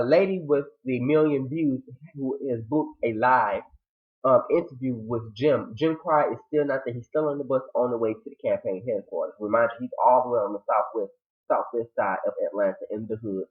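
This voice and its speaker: Male TV reviewer, mid pitch, animated casual recap, tinny phone-quality audio. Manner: animated, dramatic retelling with quoted reactions. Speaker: TV show reviewer.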